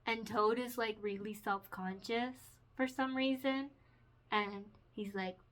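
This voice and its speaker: Woman picture book author, casual vlog chat, giggly and emotional, bright tone. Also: a little high, steady tone, takes it slowly.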